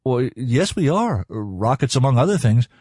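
A man's voice: medium pitch, very animated, normal speed, darkish tone, breathy edge, no room sound, clean studio sound. A man doing an earnest teenage boy.

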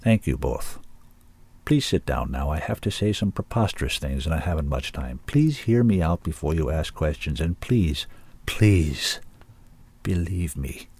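Kindly old hippie man, soft and low, earnest, read by a male narrator; dark, husky, dry voice. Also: lively intonation, a little slow, heavily acted. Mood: earnest, relieved.

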